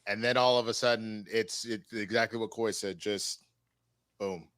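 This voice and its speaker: A man's voice: on the low side, fairly even intonation, normal speed, fairly bright tone, clear, resonant tone, no echo. A man on a casual panel chat who gives his opinions in a forthright way.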